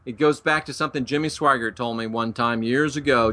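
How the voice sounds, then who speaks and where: A man's voice: medium pitch, unhurried, a bit bright. A man lecturing viewers on the Bible in an emphatic, preaching style, with folksy asides and jokes. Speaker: Bible teacher.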